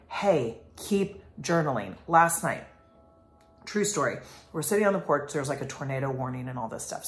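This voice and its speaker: A woman in her thirties, a life coach talking in a casual vlog monologue, rambling and passionate with many fillers. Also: low-pitched. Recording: echoey room.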